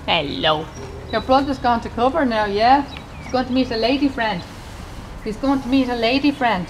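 On camera outdoors at a horse stud, a horse-loving vlogger speaks at normal speed in a high, animated voice. She's chatty, says things more than once, and coos and talks to the horses, while the outdoor camera audio carries clear background ambience of horses and birds.

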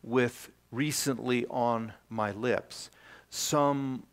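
Slow-speaking older male pastor. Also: mid-range voice, fairly even intonation, clean tone. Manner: slow, storytelling preacher with pauses. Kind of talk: sermon. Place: church.

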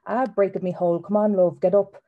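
Brief: woman reading as a playful da, gravelly and low, blunt cheeky slang. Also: completely flat delivery, rapid-fire, narrow, tinny audio. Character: rough-edged Dublin dad, playful.

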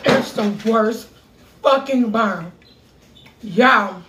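High-pitched woman talking slow and cussing through mouth burn pain, roomy echo, sounds far from mic. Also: noisy background. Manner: loud exclamations and heavy cursing. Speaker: vlogger. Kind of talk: casual vlog talk. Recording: echoey room, mic at a distance.

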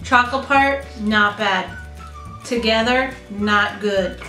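Slow and medium-pitched, with a pushed, bright voice, this young vlogger tries snacks on camera, reacting expressively and squeamishly in casual chat. Light music plays in the echoey room.

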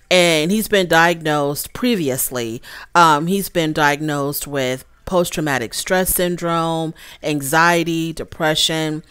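A woman with a fairly low voice recaps reality TV episodes in a casual, chatty way. She talks straight to her viewers as y'all. Her voice sounds close and dry, with no room echo. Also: clean tone. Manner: chatty, addresses viewers as y'all, acts out quotes.

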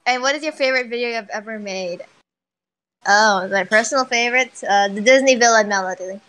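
A woman's voice: on the high side, fairly quick, fairly bright tone, poor audio. Chatty woman saying "like" a lot. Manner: chatty, heavy use of "like", laughs often. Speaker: channel host reading viewer questions. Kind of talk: casual chat.

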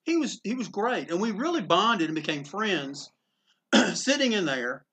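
This husky, high-sitting male voice swings widely in pitch and has a sharp edge, delivered at a measured pace. The speaker owns a comic book store in Greensboro, North Carolina, and he's in the shop casually telling a story, rambling with asides and restarts.

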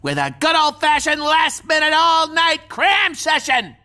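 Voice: mid-range voice, sing-song, takes it slowly, pushed and bright, clear, resonant tone, faint music behind, exaggerated voice. An actor voicing an easygoing young cartoon character who talks in a laid-back, teasing way.

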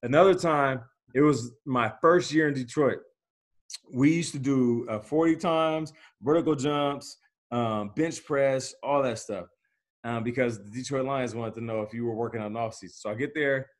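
A man in his forties and a former pro athlete, telling stories as a podcast guest in a slangy, animated way. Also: mid-range voice, moderate pace. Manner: lively, slangy, acts out quotes, laughs while telling stories. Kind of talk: animated storytelling in casual conversation.

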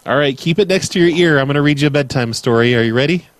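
A man's voice: on the high side, quick pace. Playful mock-earnest male host. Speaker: prank call show host. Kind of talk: live call-in show chat.

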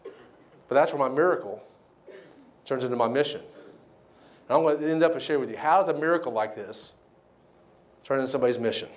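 A man giving a motivational banquet speech, telling his story with lively acted-out quotes. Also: mid-range voice, brisk, pauses often. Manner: animated storyteller, acts out quoted voices. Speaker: keynote speaker. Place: banquet hall.

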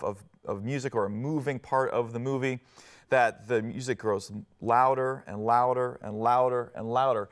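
A pastor from Northwest Ohio delivers a televised sermon in a mid-range voice. He's earnest and conversational, frequently pausing with fillers and restarting his phrases.

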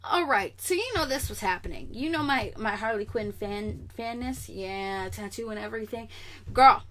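A young woman vlogger chatting casually and sassily about comic news, animated and straight to the camera. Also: medium pitch, moderate pace.

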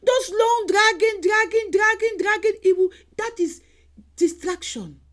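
A woman evangelist preaching a sermon over an online call, emphatic and exhorting, repeating her phrases and sometimes bursting into shouts. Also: very high voice, a little slow.

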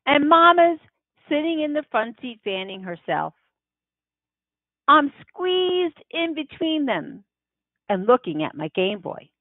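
A woman reading a children's novel aloud in the first person, unhurried and expressive. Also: sits high, dry recording. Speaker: audiobook reader. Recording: tinny phone-like dry sound.

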